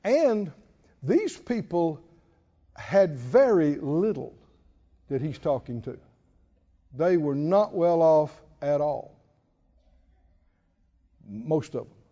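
A man's voice: a little high, expressive, slow, pauses often, mellow, big-room sound, dull audio. A man preaching a sermon, emphatic and calling out to the congregation. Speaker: pastor.

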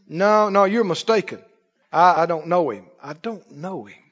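A preacher acting out a stammering, frightened disciple. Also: male voice, high voice, moderate pace, fairly bright tone, pitched below the performer's own voice. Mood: fearful. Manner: stammering, pleading denials. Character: frightened male disciple denying his teacher. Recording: dull lo-fi recording in echoey hall.

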